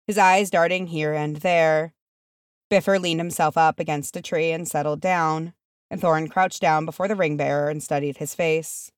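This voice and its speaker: A woman reading a fan fiction chapter aloud as narrator, measured and steady. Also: deep voice, clean tone, no room sound, studio quality. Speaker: audiobook reader.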